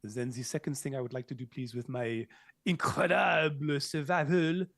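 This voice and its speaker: A man's voice: medium pitch, fairly even intonation, normal speed, vocal fry, a bit bright, dry recording. Jokey man playing a tabletop game, dry sound. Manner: jokey, theatrical. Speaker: player. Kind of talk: tabletop role-play chat.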